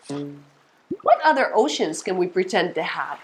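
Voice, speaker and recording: A woman teaching songs to young children, playful and exaggerated, with a slow sing-song delivery. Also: medium pitch, huge pitch swings, slight background noise. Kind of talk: singsong preschool lesson.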